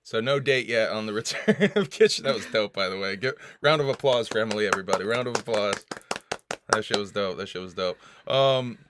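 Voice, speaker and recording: Low-voiced, profane male streamer. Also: lively intonation, fairly quick, fairly bright tone, a little hiss or hum. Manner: loose, profane, laughing, frequent coughs. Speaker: host. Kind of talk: casual livestream chat.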